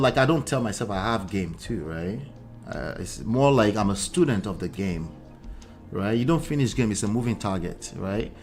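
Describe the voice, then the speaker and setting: A man, a relationship coach and host, giving animated commentary in an exclamatory, teasing way full of rhetorical asides. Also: medium pitch. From Nigeria.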